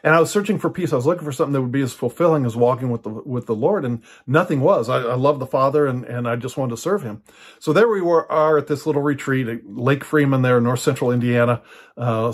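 An older male preacher gives a personal teaching talk in a casual, conversational storytelling style, loose and packed with fillers and restarts. His voice is mid-range and his pace quick.

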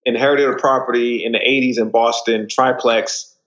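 A man's voice: medium pitch, steady tone, normal speed, a bit bright. A man with a mid-range voice, speaking as a guest in a casual interview. He lays out facts and figures in a matter-of-fact way. The room echoes and the sound is a little dull. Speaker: guest, real estate investor.

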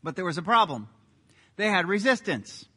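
Guy preaching a sermon, pretty high voice, gets really animated telling stories. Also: moderate pace, in a large hall. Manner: animated storytelling with lively sports anecdotes. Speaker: pastor.

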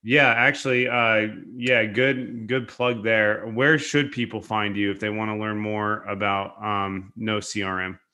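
Casting: male podcast host, low voice with a bright, forceful edge, upbeat and casual. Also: steady tone, unhurried, hardly any pauses, clear, resonant tone. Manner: upbeat, casual, many fillers. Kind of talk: podcast interview.

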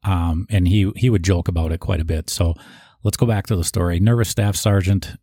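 A man's voice: low-pitched, fairly even intonation, a little fast, mellow, breathy edge, no room sound, studio quality. A man reading written tributes aloud, sometimes stopping to add his own asides. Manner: reads aloud, with asides and restarts. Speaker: eulogy reader.

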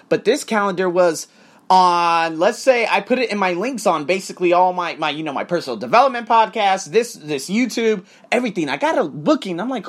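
A man tutoring and podcasting, talking in a casual vlog monologue and telling punchy, profane stories with quoted dialogue acted out. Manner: animated storytelling with acted-out quotes; profane and punchy, repeats "boom".

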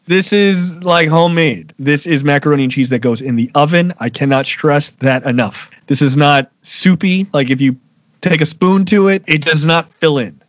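A man's voice: fairly high pitch, normal speed, no room sound, dull audio. A man from Baltimore, a guest in a casual interview, talking emphatically and laughing often.

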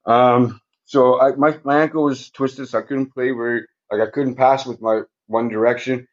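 A man's voice: medium pitch, fairly even intonation, normal speed. Rambling, profane man on a muffled recording. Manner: rambling, heavy swearing, frequent "right?" tags. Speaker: podcast guest. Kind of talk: casual storytelling interview.

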